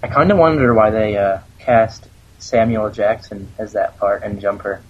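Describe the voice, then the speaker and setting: A man with a low, husky voice co-hosts a casual fan podcast, joking and rambling between news items. His audio comes through muffled and lo-fi. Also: normal speed. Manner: jokey, rambling, trails off. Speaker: podcast co-host.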